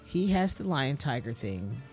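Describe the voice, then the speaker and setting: A man's voice: medium pitch, big pitch swings, measured pace, a little mellow, faint music behind. A man streaming a mystery game, thinking aloud, restarting sentences and reading in-game letters aloud with small stumbles.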